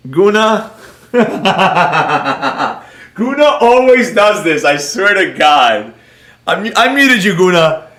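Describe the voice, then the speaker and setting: A man's voice: sits high, very animated, takes it slowly, a bit bright, echoey room. A man hosting a casual trading livestream Q&A, joking and calling out viewers in the chat by name.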